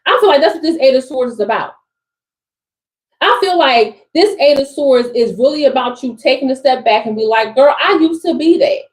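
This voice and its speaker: An expressive, high-voiced woman with an East Coast accent reads tarot for a live audience as a spiritual coach, speaking at a moderate pace. Her style is emphatic and slangy, full of repeated phrases. The recording sounds rough.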